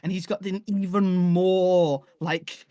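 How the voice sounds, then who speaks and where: A man's voice: high-pitched, fairly even intonation, slow pace, warm tone, no room sound. A man making audio drama, chatting casually, hesitant and laughing, often trailing off mid-sentence. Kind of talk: casual chat among audio drama makers.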